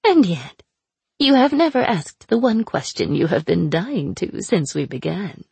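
A woman voicing a cruel, sly chained sorceress who mocks her captor in a slow, drawn-out way. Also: fairly low pitch, sing-song, vocal fry, dark tone, slightly rough, no echo, exaggerated voice. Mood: taunting. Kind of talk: audiobook character voice.

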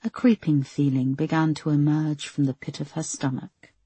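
Woman reading a crime novel, low husky voice, dry close sound. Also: level tone, normal speed, mellow, dry recording. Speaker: audiobook narrator. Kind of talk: scripted narration.

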